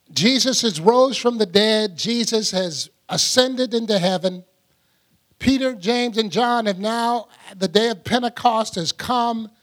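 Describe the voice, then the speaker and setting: High-voiced man teaching scripture. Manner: chatty, laughs often, acts out scenes. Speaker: preacher. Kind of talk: conversational Bible teaching.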